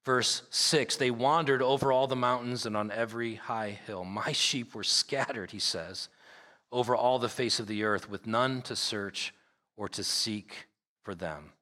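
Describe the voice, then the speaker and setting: A man's voice: medium pitch, a little slow, bright, forceful tone. A man preaching a sermon as pastor, reading scripture aloud and stressing his points by repeating them. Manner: emphatic preaching with repeated phrases; reads scripture aloud at length. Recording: long hall reverb.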